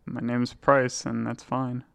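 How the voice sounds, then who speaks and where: A man's voice: mid-range voice, flat delivery, slow, creaky, a bit bright. A man co-hosting a podcast, laid-back and giving short answers. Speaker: podcast co-host. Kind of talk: casual podcast chat.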